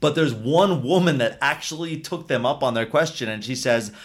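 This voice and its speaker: A man's voice: medium pitch, normal speed. A man in casual podcast chat with a mid-range voice. He recounts film trivia in a dry, teasing, argumentative way. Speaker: podcast co-host.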